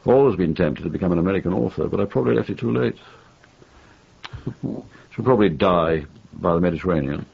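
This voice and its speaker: Gravelly, very deep-voiced older Englishman. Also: lively intonation, brisk, pauses often. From England. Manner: wry, opinionated, many restarts and uh fillers. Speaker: interview guest, novelist. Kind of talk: conversational interview. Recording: dull lo-fi archival interview tape.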